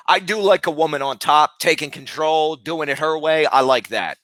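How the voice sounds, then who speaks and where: Male streamer, high bright voice, brash and foul-mouthed, dry close mic. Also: moderate pace, no room sound. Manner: loud, profane, berating. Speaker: live streamer. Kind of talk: casual live stream chat.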